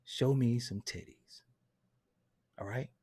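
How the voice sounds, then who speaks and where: A man hosting a hip hop commentary channel, delivering a loud, profane, unfiltered rant and laughing at his own points. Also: medium pitch, slow, slightly rough. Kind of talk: unfiltered ranting monologue.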